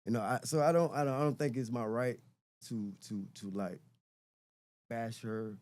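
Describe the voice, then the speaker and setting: A man's voice: mid-range voice, fairly even intonation, normal speed, a little mellow. A middle-aged man and podcast guest talking casually and reflectively, often repeating words as he searches for them. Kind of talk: casual conversation.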